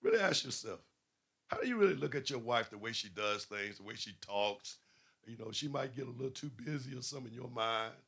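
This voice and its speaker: Gravelly-voiced man preaching. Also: mid-range voice, expressive, brisk, pushed and bright. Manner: preaching with rhetorical questions and rising emphasis. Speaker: pastor. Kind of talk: sermon.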